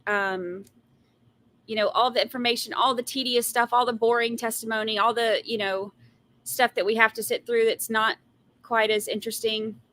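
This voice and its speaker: A woman's voice: a little high, steady tone, normal speed, a bit bright. A woman hosting a live trial commentary, answering viewer comments and giving blunt, sassy opinions with exasperated rants. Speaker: trial commentary livestream host.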